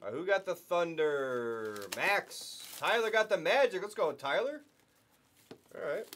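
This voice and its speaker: A young man talks easily and casually as he hosts a live sports card break, chatting and joking with the people watching. His voice sits a little on the high side. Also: expressive, a little slow, fairly bright tone, a little hiss or hum. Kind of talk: casual live stream chat.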